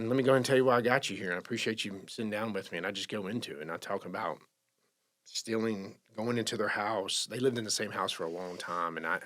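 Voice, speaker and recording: Casting: man, drawl, lowish voice, halting heartfelt storyteller, repeats and restarts. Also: a bit bright. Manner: emotional, halting, many restarts. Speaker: podcast guest sharing recovery story. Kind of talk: casual storytelling.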